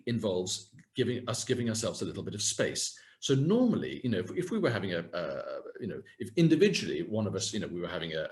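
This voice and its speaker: A man giving a webinar talk as a communication coach, speaking gently and warmly, often restarting his sentences. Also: medium pitch. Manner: gentle and lively, with frequent restarts. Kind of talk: webinar talk on video calls. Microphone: video call.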